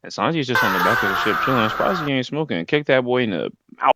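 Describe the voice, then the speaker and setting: A young man casually recapping a story in heavy slang, jumping into loud shouted impressions of the characters. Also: mid-range voice, animated, quick pace, heavy background noise. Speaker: anime recap host. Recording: slightly muffled lo-fi recording.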